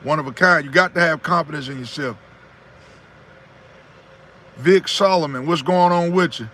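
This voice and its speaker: A man's voice: a little high, moderate pace, pauses often, sharp tone. A man in his thirties giving folksy motivational talk on his own channel, repeating his points and greeting viewers by name. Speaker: YouTuber hosting a live stream.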